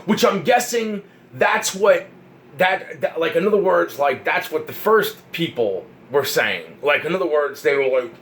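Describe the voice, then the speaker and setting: A man telling a rambling personal story, profane and excitable, often repeating himself and restarting. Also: a little high, unhurried, a little hiss or hum, poor audio.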